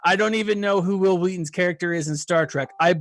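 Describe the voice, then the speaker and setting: A man's voice: sits high, fast, a bit bright, dry recording. A man guest on a casual group chat, talkative and apologetic about talking too much. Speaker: guest panelist.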